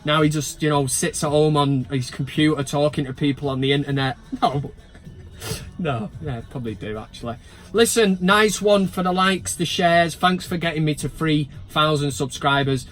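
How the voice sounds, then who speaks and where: Sitting in a van, a man who vlogs as a football fan chats to camera about his club with sweary jokes and put-on outrage. He has a slightly high, somewhat bright voice and speaks at a normal speed.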